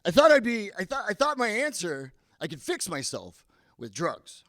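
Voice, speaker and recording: A man's voice: high-pitched, wildly swooping pitch, moderate pace, a bit bright, no echo. A man in his thirties doing a stand-up set, self-deprecating and stammering into his punchlines. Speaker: stand-up comedian. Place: comedy club stage.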